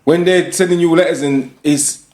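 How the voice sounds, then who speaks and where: A man's voice: fairly high pitch, fairly even intonation, normal speed, darkish tone. A man with a Sheffield accent, co-hosting a podcast in casual chat, reasoning steadily and agreeing. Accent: Sheffield English. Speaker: podcast co-host. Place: podcast studio.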